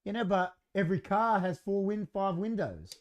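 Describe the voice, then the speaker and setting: A man's voice: sits high, expressive, moderate pace. An Australian man co-hosting a podcast in casual chat, rambling and repeating words as he thinks aloud. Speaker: podcast co-host.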